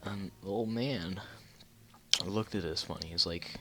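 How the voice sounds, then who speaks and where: Low-voiced man rambling through a story. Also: a little slow, heavy background noise. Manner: rambling, many fillers and restarts. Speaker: YouTuber. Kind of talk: casual storytime narration.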